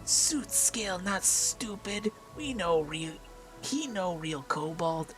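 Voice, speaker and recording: A gamer voicing a small, proud male kobold chief who speaks in slow, broken phrases. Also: medium pitch, expressive, over music, pitched above the performer's own voice. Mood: indignant. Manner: broken grammar, slow and stubborn.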